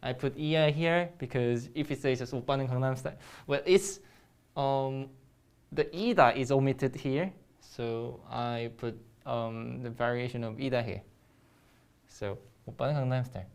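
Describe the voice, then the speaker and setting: A young adult teacher speaks English in a recorded grammar lesson. The delivery is halting and full of pauses. The teacher keeps putting quiz questions to the viewer at an everyday, middle pitch. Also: a little mellow, clean tone. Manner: hesitant, many pauses, quizzing the viewer. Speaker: Korean language teacher.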